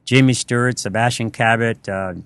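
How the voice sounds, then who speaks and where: A man's voice: mid-range voice, fairly even intonation, moderate pace, fairly bright tone, clean tone, dry recording. A man with a Texan accent, a restaurant co-owner on a podcast, telling rambling anecdotes full of fillers and acting out the dialogue. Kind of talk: casual storytelling interview.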